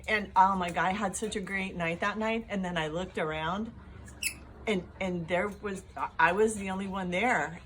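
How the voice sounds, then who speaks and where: A woman's voice: mid-range voice, background noise. Rambling, joking woman with birthday wishes. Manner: rambling, joking, self-interrupting. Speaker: family friend giving a birthday message. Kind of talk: casual birthday message.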